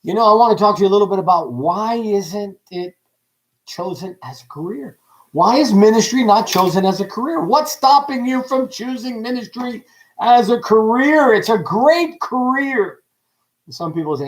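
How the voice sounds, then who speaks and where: A man preaching on a livestream in a lively, joking way, asking his audience many questions. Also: high-pitched, moderate pace, poor audio. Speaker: pastor. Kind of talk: livestreamed ministry teaching.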